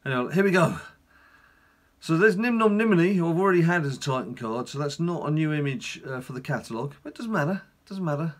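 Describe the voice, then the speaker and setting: A man's voice: fairly high pitch, expressive, fast, hardly any pauses. A middle-aged man, casually commenting on his own gameplay in a rambling, chatty way with wry asides. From England. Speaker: gaming channel host.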